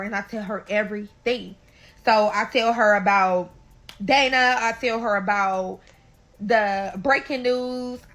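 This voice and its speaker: Bright-voiced St. woman telling a story. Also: fairly high pitch, poor audio. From St. Louis, USA. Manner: animated, keeps calling out to listeners, swears freely. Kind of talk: storytime vlog.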